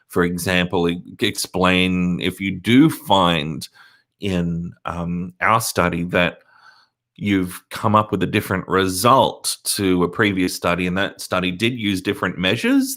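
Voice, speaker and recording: A man, a university lecturer explaining methods in a live-streamed Q&A, measured and pausing often with ums. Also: low voice, a bit bright. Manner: measured, explanatory, with frequent hesitations. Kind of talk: live-streamed Q&A on a lab report.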